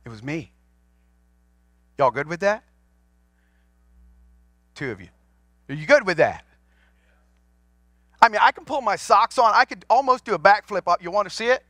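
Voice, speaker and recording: A man's voice: high-pitched, sing-song, moderate pace, pauses often, bright, forceful tone, dry recording, studio quality. A man in his forties, a pastor, preaching a sermon to his congregation in a folksy storytelling way, asking them questions as he goes. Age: 40s. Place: church sanctuary.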